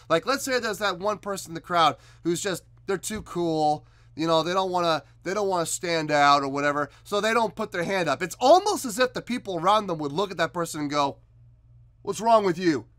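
A man hosting a music reaction video, excitedly commenting and explaining what he hears. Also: sits high, no room sound. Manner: animated, exclaiming, explaining guitar technique.

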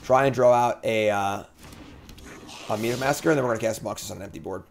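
A man streaming a card game, thinking aloud through his plays and breaking into excited outbursts as he talks to chat. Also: on the low side, quick pace, a little hiss or hum. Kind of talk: casual gameplay commentary.

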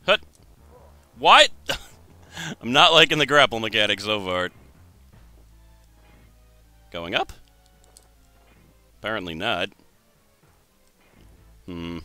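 A young man talks through a video game with a sharp, very bright tone, making dry jokes and thinking out loud. His voice sounds dry and close, with faint music underneath. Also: lowish voice, expressive, slow pace, pauses often, no echo. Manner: wry, thinks aloud, jokes at himself. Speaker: let's play host. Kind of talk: gameplay commentary.

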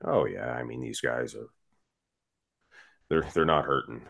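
A man's voice: a bass voice, measured pace, gravelly, a bit bright. A man co-hosting a podcast, chatting casually and joking around in a laid-back way. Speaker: podcast co-host. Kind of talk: casual chat.

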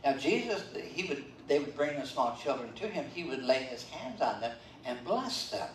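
An older man preaches as pastor in a church sanctuary, speaking conversationally with lots of fillers and "okay?" check-ins. His voice is medium in pitch and expressive, at a normal speed, with slight background noise. The recording sounds roomy and distant, like a church livestream.

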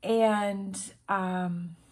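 A woman gives a casual tarot reading in a medium-pitched voice, drawing out her words with fairly even intonation. She sounds emotional, earnest and encouraging, with many restarts and fillers.

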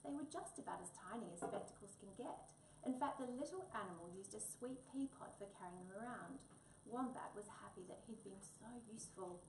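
A woman reading a children's storybook aloud in an expressive, lilting way. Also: mid-range voice, brisk. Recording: echoey room, distant mic, faint noise.

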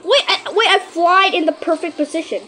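A woman giving live commentary over her own gameplay, excitable and panicky, repeating herself and shouting countdowns when the clock runs down. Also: extremely high pitch, very noisy. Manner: repeats phrases rapidly under pressure. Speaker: gaming channel host.

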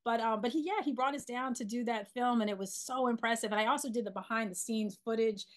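A woman in her forties from Philadelphia, a documentary filmmaker being interviewed, talking in an animated way with many restarts and fillers. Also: a little high, quick pace. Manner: animated, lots of restarts and "you know". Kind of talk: casual interview storytelling.

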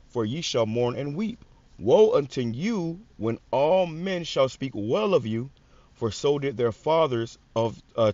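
A man's voice: medium pitch, darkish tone, dry recording. A man hosting a casual commentary video, reading scripture and viewer comments in a blunt, profane way with many stammered restarts. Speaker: religious commentary channel host. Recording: dry, dull lo-fi sound.

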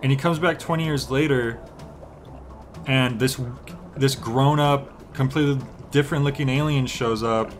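A man's voice: mid-range voice, normal speed, slight background noise. A young man chatting casually while streaming a game, rambling with lots of filler words. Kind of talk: relaxed gameplay stream chat.

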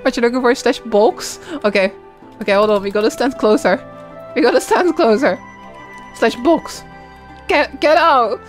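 A young woman streaming a video game, reacting with loud, playful outrage and frequent yelling and laughter. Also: fairly high pitch, moderate pace, soft background music.

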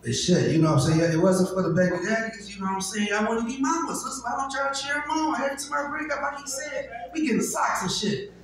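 A man in his forties with a Detroit accent doing a loose, profane stand-up set in a live club, swinging from low mutters to loud shouts. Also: quick pace, a little hiss or hum. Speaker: stand-up comedian. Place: live comedy club stage. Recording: echoey club room, distant, crowd laughter.

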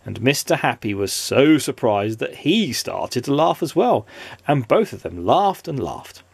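A man's voice: medium pitch, very animated, a little slow, vocal fry, husky, dry recording. A father reading a children's story aloud in a playful, sing-song way.

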